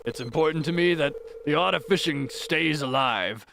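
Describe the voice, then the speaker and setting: A man putting on a gruff old-salt fisherman. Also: fairly high pitch, noisy background. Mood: gruff, friendly. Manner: slow, rising and falling, crisp consonants. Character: gruff middle-aged male fisherman, friendly and slow-spoken. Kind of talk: voicing a game character while streaming.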